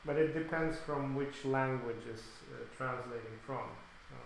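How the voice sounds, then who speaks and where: A man chatting calmly on a painting stream, measured and full of fillers. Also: medium pitch, vocal fry. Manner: calm, measured, lots of fillers. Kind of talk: casual chat. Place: big room, echoey. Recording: very echoey room, faint noise.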